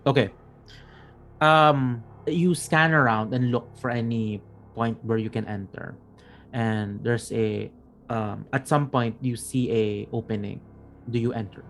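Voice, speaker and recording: A middle-aged man running a tabletop game, his voice gravelly at mid pitch. He rambles through the scene, backing up and repeating phrases as he goes. A faint hiss sits under him. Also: steady tone, a little slow, fairly bright tone. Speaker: game master.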